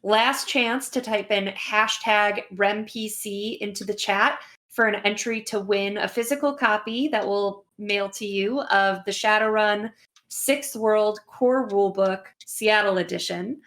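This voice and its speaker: A woman's voice: mid-range voice, a little slow, a bit bright. A woman hosting a game stream, chatting casually with frequent ums and uhs as she wraps up. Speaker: host. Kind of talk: casual livestream wrap-up.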